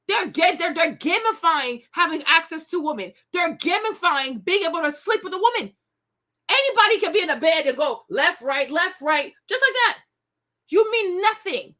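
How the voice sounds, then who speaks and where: A woman's voice: very high-pitched, sharp tone. A woman hosting a commentary show, ranting bluntly and scathingly with bursts of laughter. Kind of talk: opinionated commentary rant.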